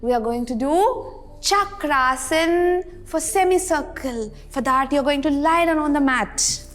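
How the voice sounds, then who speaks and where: A woman's voice: high-pitched, measured pace, a bit bright, faint music behind. A woman leading a playful yoga class for kids, counting poses aloud and encouraging them. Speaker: yoga instructor.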